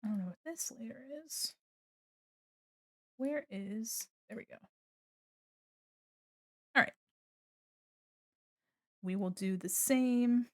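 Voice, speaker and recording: A woman's voice: on the high side, slow, long pauses, a bit bright, no room sound, studio quality. A young woman streaming as a VTuber, chatting casually and giggling with viewers while she draws, with a slight valley-girl lilt. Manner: says she sounds a bit like a valley girl. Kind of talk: casual live-stream chat while drawing.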